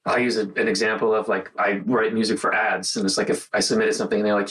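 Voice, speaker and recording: A man hosting a casual mindfulness monologue, talking earnestly and guiding the listener through slow counted breathing. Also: lowish voice, a bit bright, low-quality recording. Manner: earnest, conversational, guides breathing with counted pauses. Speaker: host.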